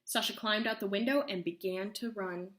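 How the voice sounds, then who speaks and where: A woman reading a children's story aloud, expressive and slowing for suspense. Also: mid-range voice, echoey room. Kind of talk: read-aloud story narration.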